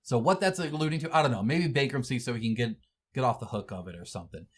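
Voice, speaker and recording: A man's voice: mid-range voice, quick pace, breathy edge. A man hosting a wargaming news show, giving heated, indignant commentary and scolding the people he talks about.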